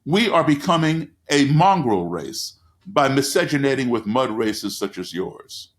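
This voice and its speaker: A man's voice: mid-range voice, sing-song, measured pace, voice pushed up. A man voicing a stern middle-aged man who lectures a younger man in a stiff, preachy way. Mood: lecturing.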